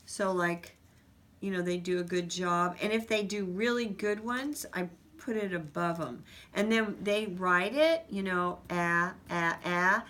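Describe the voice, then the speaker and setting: A woman teaching parents how to guide children in writing their sounds, explaining each step slowly and patiently. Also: medium pitch, fairly bright tone. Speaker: reading teacher. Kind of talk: instructional demonstration.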